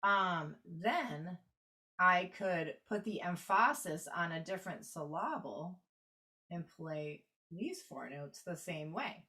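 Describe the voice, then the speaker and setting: A woman's voice: on the low side, expressive, takes it slowly, pushed and bright. A woman teaching a clarinet workshop online, explaining practice rhythms step by step while annotating sheet music. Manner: explanatory, walks through steps while annotating.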